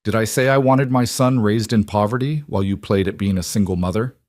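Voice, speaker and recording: A man's voice: fairly low pitch, brisk, darkish tone, no room sound, clean studio sound, close to an everyday voice. A man reading the lines of a cold, controlled mafia boss in a told story.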